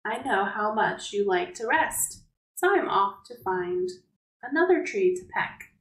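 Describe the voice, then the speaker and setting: A woman's voice: medium pitch, sing-song, measured pace, reverberant, poor audio. A woman reading aloud the letter of a considerate woodpecker in a storybook. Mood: apologetic.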